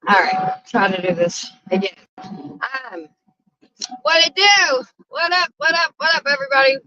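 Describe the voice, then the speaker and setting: A woman hosting a casual livestream chat from a car, talking loudly with lots of profanity and frequent laughter. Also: high voice, very animated, normal speed, no room sound, dull audio. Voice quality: loud, profane, laughing often. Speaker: livestream host.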